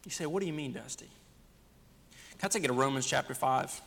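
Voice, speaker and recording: A man's voice: mid-range voice, a little fast, creaky, a bit bright. A man preaching a sermon as senior pastor, asking the congregation one rhetorical question after another. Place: church sanctuary. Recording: long church hall reverb.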